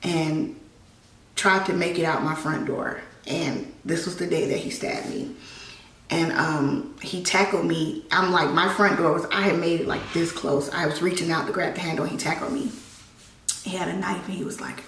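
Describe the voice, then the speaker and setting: A woman vlogger shares a personal story while getting ready. Her delivery is raw and halting, full of restarts and repeated phrases. The mic sits some way off in a room with a lot of echo. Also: on the low side, fairly even intonation, fairly bright tone. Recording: echoey room, mic at a distance.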